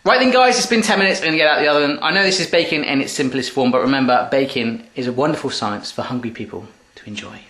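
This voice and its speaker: A man's voice: mid-range voice, fast, hardly any pauses, fairly bright tone, reverberant. A man chatting playfully while cooking in his home kitchen, full of cheeky asides. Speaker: cooking vlogger. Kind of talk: jokey cooking video chat.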